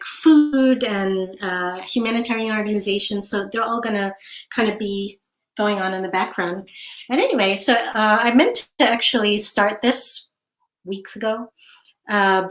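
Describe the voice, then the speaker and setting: An American woman in her forties, an artist chatting casually during a live studio check-in. She rambles a little, with lots of fillers and light laughter. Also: medium pitch. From United States. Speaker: artist and art teacher. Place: home art studio. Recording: roomy studio sound.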